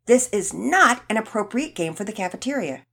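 A woman's voice: mid-range voice, very animated, normal speed, vocal fry, a bit bright, slightly rough, voice pushed up, full character voice. A woman voicing a firm, bossy cafeteria worker in a children's story. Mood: scolding. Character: stern middle-aged female cafeteria worker.

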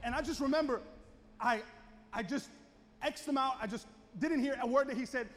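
A man with a very high voice preaches at a moderate pace, telling a dramatic story from the pulpit of a church sanctuary and building animatedly toward shouting. Long reverb fills the echoey hall, along with slight background noise.

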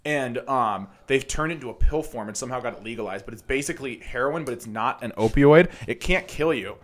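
A man's voice: mid-range voice, a little fast. A young man co-hosting a podcast, chatting loosely and swearing as he tells stories. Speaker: podcast co-host. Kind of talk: casual chat.

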